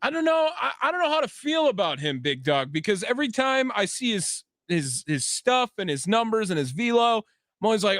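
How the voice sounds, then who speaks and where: A man's voice: sits high, big pitch swings, fairly quick, fairly bright tone, no room sound. A man hosting a call-in sports radio show from a studio, upbeat and chatty with callers. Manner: upbeat, keeps calling the caller by nickname. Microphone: studio microphone.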